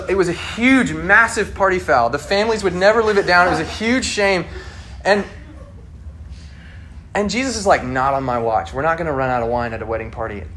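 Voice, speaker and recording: A pastor with a slightly high, somewhat bright voice preaches a sermon over slight background noise. His delivery is casual and conversational, and he acts out the people he quotes.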